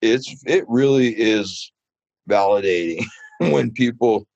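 A man being interviewed about his mural work, telling stories in a casual, animated way full of fillers. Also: lowish voice, takes it slowly, creaky, no room sound, lo-fi sound. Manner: animated, chatty, many fillers. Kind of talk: casual storytelling.

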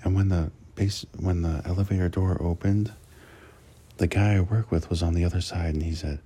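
A man's voice: low-pitched, fairly even intonation, normal speed, dark tone, slightly rough. A man who drives a truck for work, telling a rambling, crude and profane story in a casual monologue, often restarting his sentences.

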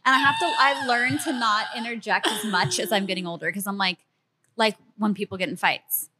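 A woman's voice: mid-range voice, normal speed, background noise. A woman in her thirties hosting a podcast, chatting casually and acting out quotes as she tells stories. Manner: animated storyteller, acts out quotes. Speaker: podcast host. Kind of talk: casual chat.

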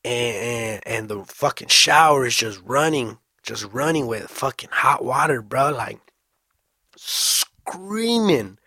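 A young man telling a story casually, full of slang and swearing, animated and fast. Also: mid-range voice, slightly rough, no echo, clean studio sound.

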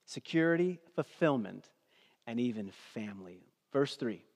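A middle-aged male pastor preaching a sermon in a church, swinging between hushed near-whispers and loud emphatic declarations. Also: medium pitch, animated, normal speed. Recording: long hall reverb.

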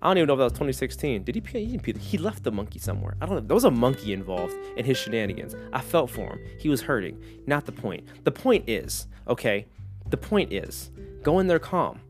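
A man hosting a solo podcast, talking casually in a jokey, animated way with lots of tangents. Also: mid-range voice, fast, faint music behind. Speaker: podcast host.

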